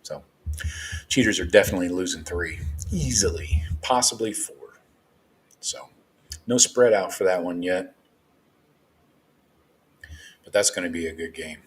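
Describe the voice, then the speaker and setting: Deep-voiced man hosting casual sports chat. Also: normal speed, long pauses. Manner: loose, rambling, partisan fan talk. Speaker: live show host.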